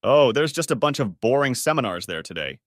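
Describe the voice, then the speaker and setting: A man voicing a smug, smooth-talking male friend in an audiobook story. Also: medium pitch, very animated, fairly quick, no echo, clean studio sound, lightly acted.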